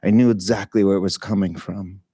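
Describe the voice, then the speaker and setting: A middle-aged man who leads meditation talks tells a personal story loosely and candidly, full of fillers, laughs and casual swearing. His warm, husky voice sits a little low, with fairly even intonation and a brisk pace. The recording is dry and close, with no room sound or echo.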